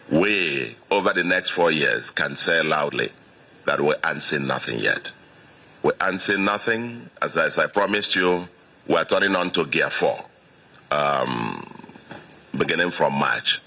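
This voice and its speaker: A Nigerian man in his sixties delivers a victory speech as state governor, stressing his points by repeating them. His voice sits extremely low, yet it has a sharp, forceful brightness on top. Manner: emphatic, repeats phrases for stress.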